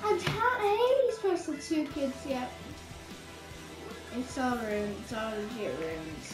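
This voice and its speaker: A woman's voice: high-pitched, lively intonation, slow. A woman giving casual game commentary, rambling and exasperated, with lots of filler words. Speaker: gamer. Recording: roomy echo with game music. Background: game music.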